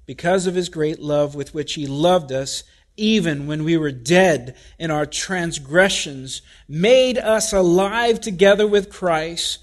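Male pastor, higher voice, measured unhurried sermon delivery with emphatic repetition. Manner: deliberate, emphatic preaching with repetition.

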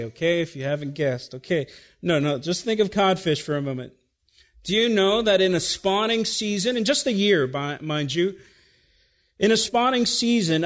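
Male pastor, high-pitched, expository preaching, teacherly, checks in with listeners. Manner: teacherly, repeats okay to check listeners, dry asides. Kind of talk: expository sermon.

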